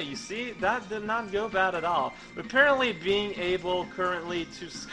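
A young man giving rambling, goofy game commentary in a deadpan way, with many stammered restarts. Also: high voice, moderate pace, hardly any pauses, soft background music, rough recording. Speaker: let's play commentator.

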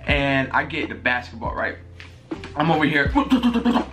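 A young man telling a fight story in an excited storytime vlog, full of slang and swearing, often jumping into high laughing squeals. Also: moderate pace. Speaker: vlogger. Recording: music playing clearly behind. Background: music.

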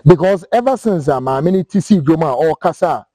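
A man's voice: a little high, animated, a little fast, dark tone, no room sound. A Ghanaian man hosting a political talk show, speaking emphatically and repeating words as he builds his points. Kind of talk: political discussion, mixing English and Twi.

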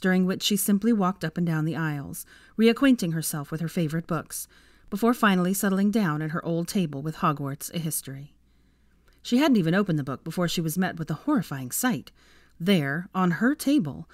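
A woman with a low voice narrates a story aloud, expressive and measured. Her pitch moves lively up and down. The sound is dry and close, with no room echo. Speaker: fanfiction reader.

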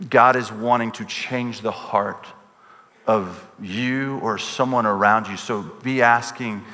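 A male pastor preaching a sermon. He tells a personal story in an animated way and acts out the voices in it. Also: fairly low pitch, slow pace. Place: church sanctuary. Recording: long reverb with loud music behind.

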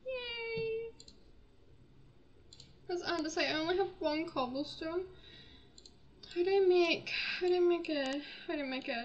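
A woman's voice: very high-pitched, a little slow, pauses often, lo-fi sound, a little hiss or hum. A young woman giving casual gameplay commentary, flustered, laughing and easily panicked. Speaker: gaming channel host.

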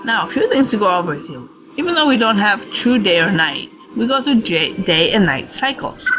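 A woman in her forties reading aloud the lines of a formal station computer guiding a robot, in a measured, instructive way. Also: mid-range voice, very animated, muffled recording, background noise, natural voice. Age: 40s. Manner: reads game text aloud, measured and instructive. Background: loud game music.

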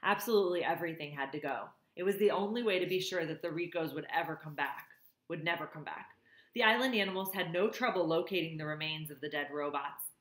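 Woman reader, lowish voice, expressive storybook reading, roomy echo. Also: quick pace. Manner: expressive, warmly emotional reading. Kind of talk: reading a children's novel aloud.

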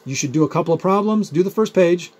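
A man explains physics in a recorded video lecture, talking in a loose, rambling way full of everyday examples. His voice sits a little high, with a husky, mellow tone. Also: quick pace. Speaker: physics teacher.

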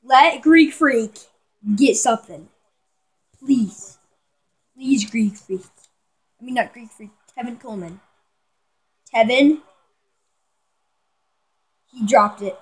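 A woman giving excitable live commentary on a football video game, talking to her viewers and yelling at big plays. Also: on the high side, slow, long pauses, breathy edge, poor audio. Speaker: gamer.

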